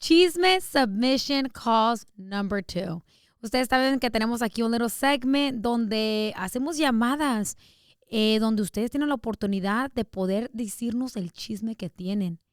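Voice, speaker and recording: A young woman hosting a podcast, chatting excitedly and mixing English with Spanish. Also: fairly high pitch, normal speed, clean tone, no echo, clean studio sound. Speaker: podcast host. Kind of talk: casual chat.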